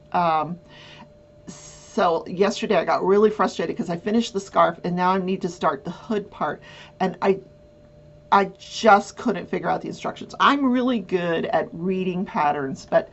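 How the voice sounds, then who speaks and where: A talkative woman hosts a home crafting chat show, rambling on with lots of fillers and restarts. Her voice has a gravelly, creaky edge. The recording sounds dull and lo-fi. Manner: jumps to high squeals when acting out her own reactions. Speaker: host of a crafting talk show. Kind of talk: casual chat.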